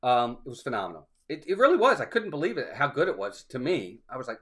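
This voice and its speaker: A man co-hosting a theme park livestream tells a rambling story in a sing-song, fairly bright, medium-pitched voice at a quick pace. It's a casual chat, and he quotes people along the way, acting out the quotes and ride motions.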